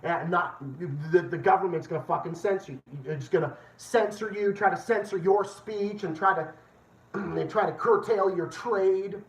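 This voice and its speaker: A man's voice: high-pitched, moderate pace, far from the mic. Angry swearing male stream host. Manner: angry, swearing, repeats himself. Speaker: livestream host. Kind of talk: profane political rant. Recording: echoey room, dull lo-fi sound.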